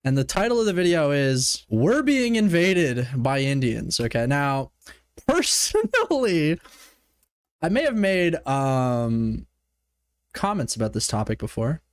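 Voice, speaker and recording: Animated, profane Canadian streamer man. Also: on the high side, unhurried, clean tone, no echo, clean studio sound. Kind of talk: casual reaction commentary.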